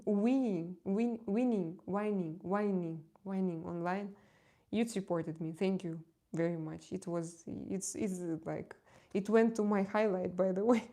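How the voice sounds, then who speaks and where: Woman tarot reader rambling on a live stream, soft warm tone, lots of uh's and repeats, open and confiding. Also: medium pitch. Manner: hesitant, searching for words, repeating herself; candid and confiding, laughs easily. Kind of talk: casual live-stream chat.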